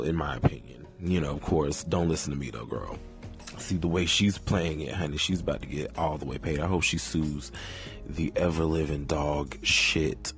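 A man hosting a podcast, delivering a sassy, drawn-out casual commentary full of cursing. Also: very deep voice. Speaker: podcast host.

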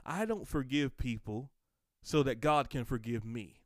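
A man delivers a podcast sermon in a mid-pitched voice, fervent and insistent, often repeating himself for emphasis. His voice swells into loud outbursts. The recording is dry and close, with no room sound. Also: expressive, unhurried, no echo. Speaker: podcast preacher.

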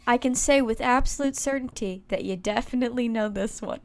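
A woman's voice: a little high, brisk. A young woman co-hosting a comedy podcast, running a quote quiz in a dry, teasing game-show manner.

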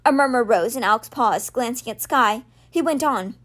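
Woman reading a kids novel out loud on her podcast, high voice, steady storytelling. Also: moderate pace. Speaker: book reader, podcast host.

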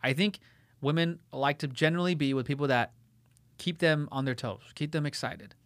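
A man's voice: on the high side, normal speed, fairly bright tone, no room sound. A brash young man chatting casually as a podcast co-host, swearing often and telling stories with animation. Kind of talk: casual chat.

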